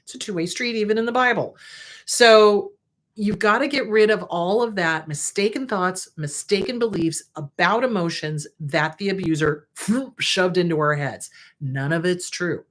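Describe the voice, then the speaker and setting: A woman's voice: on the low side, normal speed. Frank, emphatic woman therapist. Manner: frank, emphatic, animated, playful asides. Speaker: therapist host. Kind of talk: casual advice talk to camera.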